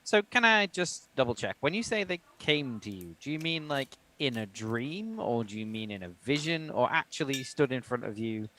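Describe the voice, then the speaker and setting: A tabletop player keeps pressing with questions, and the pitch jumps around in an animated way. The voice sits in the middle range. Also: moderate pace, hardly any pauses, a little hiss or hum. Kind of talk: tabletop game play.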